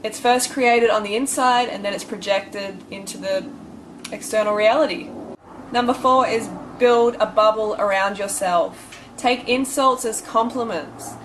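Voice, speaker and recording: A young woman delivers blunt, bossy, tough-love advice to her viewers in a motivational vlog. Her voice sits a little on the high side. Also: a little slow, a little hiss or hum, poor audio. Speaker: vlogger giving advice.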